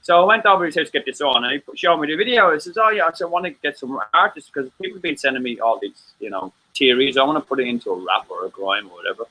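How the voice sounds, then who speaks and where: A man's voice: mid-range voice, animated, very fast, few pauses, bright, forceful tone, rough recording. An Irish man in casual chat, rambling, stammering and swearing freely. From Ireland.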